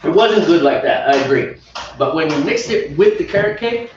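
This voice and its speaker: Chatty man, lively voice, echoey room. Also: a little high, normal speed, a little hiss or hum. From United States. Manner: chatty, rambling, laughs often. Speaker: homebrew show co-host. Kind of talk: casual chat. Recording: echoey room, mic far off, dull.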